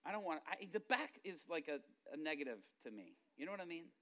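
A middle-aged man preaches with a bright, ringing voice pitched a little high. He tells stories casually, then drops to near whispers or climbs to loud, impassioned peaks. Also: sing-song, fairly quick. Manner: storytelling, swings from hushed murmurs to loud impassioned outbursts. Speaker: pastor. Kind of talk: sermon.

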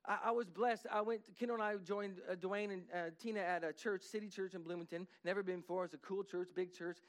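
A man's voice: sits high, fairly even intonation, fast. A man preaching a sermon in a church, earnest and conversational, building in intensity. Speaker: pastor. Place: church sanctuary.

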